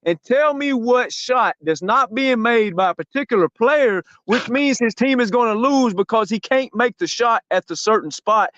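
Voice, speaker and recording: Male podcast host, high voice, loud and profane mocking rant, dry lo-fi mic. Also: lively intonation, moderate pace, hardly any pauses, no room sound. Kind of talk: heated podcast sports talk.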